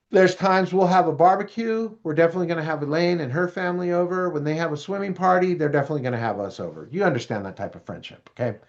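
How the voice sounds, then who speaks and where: Man, middle-aged, animated storyteller, fairly high voice, dull lo-fi sound. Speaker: parent educator. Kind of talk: storytelling presentation. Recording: dull lo-fi recording.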